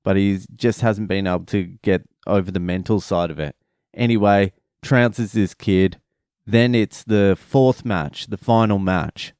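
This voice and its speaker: Smooth low-voiced man telling a story. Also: unhurried, no room sound, studio quality. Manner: profane, rambling, animated retelling. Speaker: father telling a family story. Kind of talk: casual vlog storytelling.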